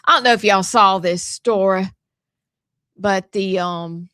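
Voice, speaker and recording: A woman's voice: medium pitch, slow pace, fairly bright tone, no room sound, clean studio sound. A woman with a Southern US accent co-hosting a casual talk show, joking and telling stories in a folksy drawl. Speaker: co-host.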